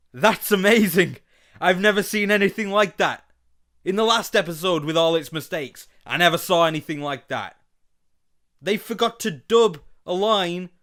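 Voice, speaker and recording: A man's voice: sits high, fairly bright tone. A man giving comedic cartoon-review commentary in an incredulous, sarcastic and profane manner.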